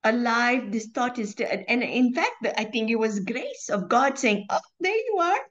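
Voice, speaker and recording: Animated woman host, lively pitch. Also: moderate pace, muffled recording. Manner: animated, laughs often, acts out her own thoughts. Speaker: author and show host. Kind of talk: conversational interview.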